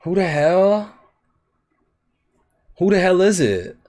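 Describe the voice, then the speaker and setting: A man's voice: sits high, sing-song, slow pace, darkish tone. A young man live-streaming, guessing quiz answers aloud, swearing in frustration and talking to his chat while typing.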